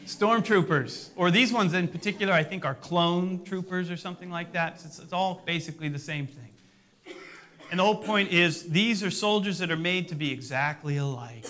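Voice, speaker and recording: A man's voice: sits high, sharp tone. A middle-aged male pastor preaching a sermon in a conversational way, with self-deprecating humor.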